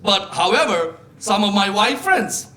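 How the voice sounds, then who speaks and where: High-voiced Sri Lankan man doing stand-up. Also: a little slow. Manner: animated storytelling, shifting into loud exclaiming punchlines. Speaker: stand-up comedian. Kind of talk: live stand-up comedy. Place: comedy club stage with live audience. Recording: live show with crowd laughter. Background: audience laughing.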